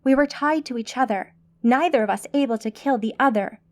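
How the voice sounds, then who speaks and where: Woman doing a calm ancient woman mage, formal, patient, fairly high voice. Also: fairly quick, close to an everyday voice. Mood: composed. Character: calm, composed centuries-old woman mage.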